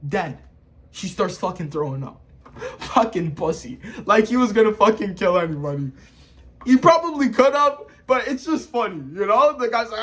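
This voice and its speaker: Excitable, foul-mouthed man recapping anime. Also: high voice. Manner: excitable, profane, keeps checking in with listeners. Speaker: anime reviewer. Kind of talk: casual video commentary.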